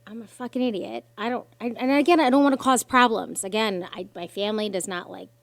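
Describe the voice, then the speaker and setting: Her medium-pitched voice runs a little fast with no echo as she tells a personal story as a podcast guest. Emotion runs high, and she swears freely and acts out the voices of others with lively animation.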